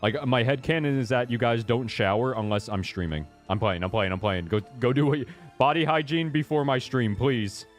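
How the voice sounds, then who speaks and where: A man's voice: mid-range voice, moderate pace, few pauses, soft background music. A man streaming a game, chatting casually with a joking, self-deprecating manner. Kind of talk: casual gaming stream commentary.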